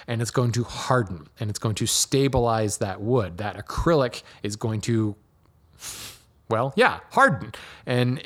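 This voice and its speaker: A man hosting a show, answering listener questions in a relaxed, explanatory way with frequent ums and restarts. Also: medium pitch. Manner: relaxed, many ums and restarts, laughs lightly. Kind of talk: casual explanatory talk.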